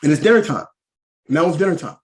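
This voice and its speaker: A man performing stand-up, telling a repetitive, animated story about parenting from the stage. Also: fairly high pitch, quick pace. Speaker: stand-up comedian.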